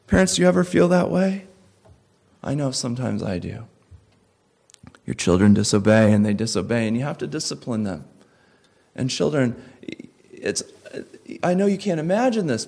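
A man preaching a sermon as a pastor, pleading and emphatic, with wide swings between loud and soft. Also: fairly high pitch, gravelly.

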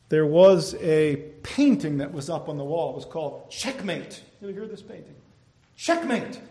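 A man preaching a sermon, telling stories and breaking into loud, impassioned exclamations. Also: fairly high pitch.

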